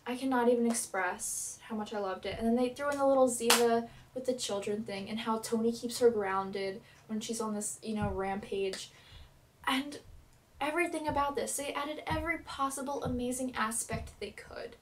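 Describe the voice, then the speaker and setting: A young woman recapping a TV episode as a fan vlogger, gushing and dramatic, with quick swings in loudness. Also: a little high, fairly even intonation, recorded from a distance, slight background noise.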